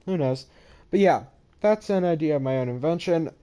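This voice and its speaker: A young man with a soft, mellow voice pitched a little high narrates a relaxed game map walkthrough. He rambles, trails off and sounds sleepy, speaking into a headset microphone. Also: normal speed, clean tone. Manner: rambling, sleepy, yawning and apologizing. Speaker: gaming channel host. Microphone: head-mounted microphone.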